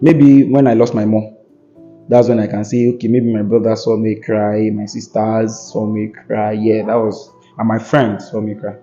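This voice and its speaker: A man's voice: lowish voice, little pitch movement, normal speed, dark tone, dull audio, faint music behind. A young man talking earnestly and emphatically as a podcast guest, with a preacherly tone. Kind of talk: earnest conversational talk.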